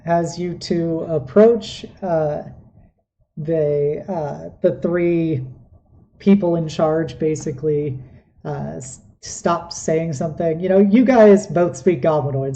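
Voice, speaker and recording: A woman running a tabletop game as game master, narrating in a relaxed, rambling, hesitant way. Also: sits low, takes it slowly.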